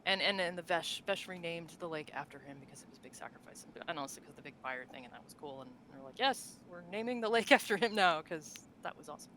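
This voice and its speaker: A woman's voice: low voice, steady tone, fast, hardly any pauses, sharp tone, slight background noise, poor audio. A woman co-hosting a casual podcast chat about tabletop game lore, talking loosely with fillers and frequent laughs. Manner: chatty, laughs often, many fillers and restarts. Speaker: podcast co-host.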